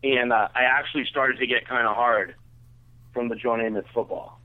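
A man rambles through a crude personal story on the radio, stacking "like" and restarting his sentences. His voice sits at an ordinary middle pitch. The sound is narrow and tinny, like a phone line. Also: fairly even intonation, moderate pace. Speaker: guest telling a story on a radio show. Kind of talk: casual storytelling.

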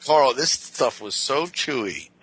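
A man's voice: medium pitch, lively intonation, takes it slowly, fairly bright tone, husky. A man in a casual chat, answering with dry, defensive comebacks.

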